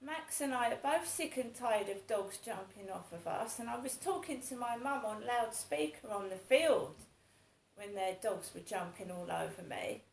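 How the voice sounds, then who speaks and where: A woman's voice: on the high side, moderate pace, gravelly, echoey room, a little hiss or hum, low-quality recording. A woman in her fifties talking in a casual monologue, rambling and repeating herself in an aggrieved way. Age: 50s. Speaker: vlogger.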